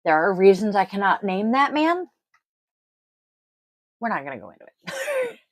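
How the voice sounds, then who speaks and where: Slow-talking blunt woman reading tarot. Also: medium pitch, wildly swooping pitch, no room sound, rough recording. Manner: blunt, swears freely, rambling asides. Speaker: tarot reader and host. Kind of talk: casual solo card-reading video. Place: home, family audible off-mic.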